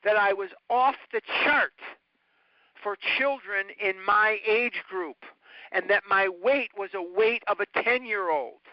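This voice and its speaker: A man's voice: sits high, dry recording. Earnest man on a phone call. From north side of Chicago. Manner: earnest, repetitive, emphatic teaching. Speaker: recovery study leader. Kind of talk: talk to a recovery study group. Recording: dull, dry phone-call audio.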